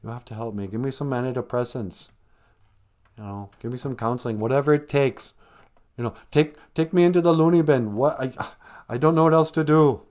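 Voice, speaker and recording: A man's voice: medium pitch, a little fast, darkish tone, lightly acted. A man voicing a depressed, weepy male moth who pleads for help in a told joke. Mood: frantic. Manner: mournful, pleading.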